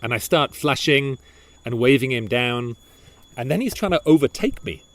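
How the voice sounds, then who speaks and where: A man co-hosting a podcast, telling a story in casual chat, animated and full of restarts and repeated words. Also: medium pitch, moderate pace, dry recording. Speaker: podcast co-host.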